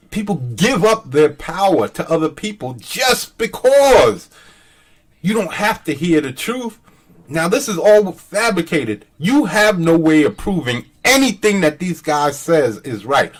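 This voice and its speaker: A man on his own show, talking casually and with open scorn, swearing and laughing as he goes. His pitch sits a touch high and swings widely up and down. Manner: scoffing, profane, laughs often. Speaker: commentary channel host. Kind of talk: casual ranting commentary.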